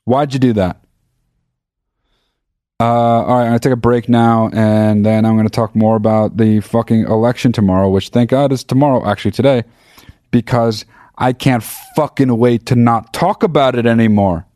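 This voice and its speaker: A man's voice: medium pitch, normal speed, no echo, clean studio sound. A man hosting his own podcast, telling a story in a loose, rambling, profane way. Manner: profane, rambling, animated retelling. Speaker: podcast host. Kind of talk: casual storytelling monologue.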